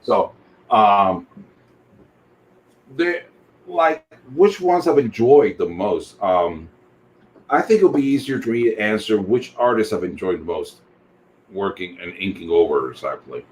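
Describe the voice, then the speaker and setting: A deep-voiced man with a Spanish accent, a guest artist chatting casually and rambling with jokes. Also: expressive, measured pace, long pauses, a little hiss or hum. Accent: Spanish-accented English. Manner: rambling, joking, many fillers. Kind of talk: casual video chat.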